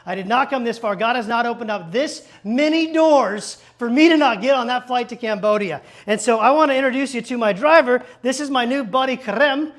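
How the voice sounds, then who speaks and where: A male pastor telling a lively personal story from the pulpit, acting out the dialogue and turning to the congregation with quick asides. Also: very high-pitched. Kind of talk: storytelling sermon. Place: church stage.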